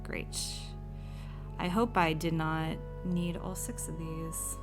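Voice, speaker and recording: A woman's voice: sits low, steady tone, slow, music in the background. A woman playing through an old horror computer game, reading its text aloud with dramatic flair and dropping wry asides. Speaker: game streamer.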